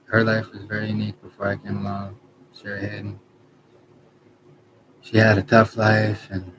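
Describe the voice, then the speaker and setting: Man, 30s, deep and monotone, halting rambling monologue, noisy background. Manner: halting, trails off, many restarts and self-corrections. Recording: background noise.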